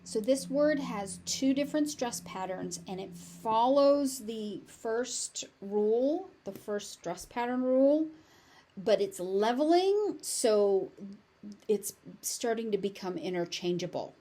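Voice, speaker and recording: A woman's voice: on the high side, animated, takes it slowly, warm tone. A woman with a General American accent teaching pronunciation, saying each word several times and explaining the sounds. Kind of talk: pronunciation lesson with repeated words.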